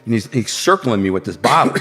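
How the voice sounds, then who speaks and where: A man's voice: mid-range voice, very animated, brisk, fairly bright tone. A man from Detroit telling a street story in a vivid, slangy way, acting out scenes with sound effects. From Detroit, United States. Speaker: podcast guest. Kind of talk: casual storytelling. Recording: long hall reverb, faint music behind.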